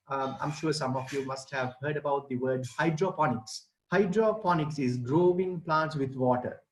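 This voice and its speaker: A man's voice: fairly high pitch, a little hiss or hum, low-quality recording. Sri man explaining gardening. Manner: explanatory, addressing children and parents. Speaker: gardening expert. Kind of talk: online presentation.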